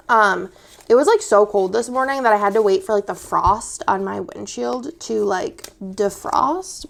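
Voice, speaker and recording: A young woman from Texas chatting casually as she decorates her planner, rambling with many fillers and restarts, and sometimes dropping to a soft murmur while she works. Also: medium pitch, unhurried, vocal fry. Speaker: planner vlogger.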